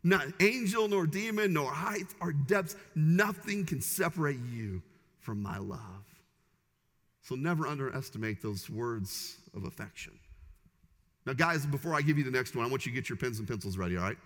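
A man's voice: medium pitch, lively intonation, normal speed, fairly bright tone. A man in his forties, a pastor preaching a sermon in an emphatic, repetitive cadence in a church sanctuary. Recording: long reverb of a large church hall.

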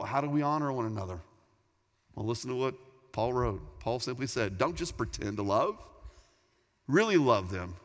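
A man's voice: mid-range voice, fairly bright tone. A middle-aged man preaching a sermon as pastor, earnest and emphatic, often repeating words as he builds a point. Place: large church hall. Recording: long hall reverb.

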